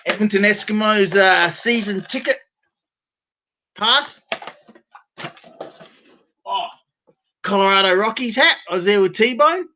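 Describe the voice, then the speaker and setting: Australian guy, high voice, rowdy and profane, dull lo-fi call audio; show regular on a video call. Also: animated, slow, long pauses. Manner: loud, rowdy, swears freely. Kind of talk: casual video call chat. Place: bedroom at home.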